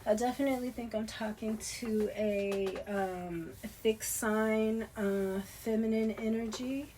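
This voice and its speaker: A woman giving a loose, conversational tarot reading, swearing casually and swinging from soft murmurs to loud, emphatic bursts. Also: a little high, fairly even intonation, measured pace, a little hiss or hum. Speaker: tarot reader.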